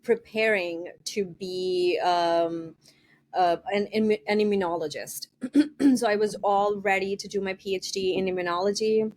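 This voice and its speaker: A woman's voice: medium pitch, measured pace, darkish tone. A woman author being interviewed, talking casually with a nasal voice from a cold, hesitant with many ums and frequent laughs. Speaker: author guest.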